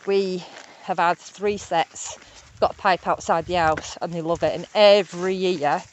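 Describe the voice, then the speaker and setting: A woman, vlogging casually and excitedly about wildlife while walking on a rural hillside. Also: lowish voice, unhurried, lo-fi sound, slight background noise. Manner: chatty, excitable, rambling. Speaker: nature vlogger.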